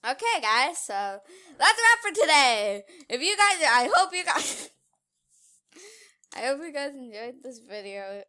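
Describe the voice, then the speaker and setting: A high, bright woman's voice talks through gameplay in a casual, teasing way. Her pitch swings widely, and she takes her time between giggles. She jumps from loud outbursts to quiet asides. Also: very animated, unhurried. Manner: giggly, playful, teasing, laughs often. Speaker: gaming YouTuber.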